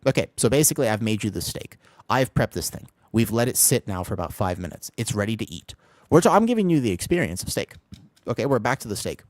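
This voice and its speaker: A man streaming an online game as a healer, rambling excitably through casual commentary, swearing freely and laughing often. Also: lowish voice, fast talker, no echo. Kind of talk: casual live gameplay commentary.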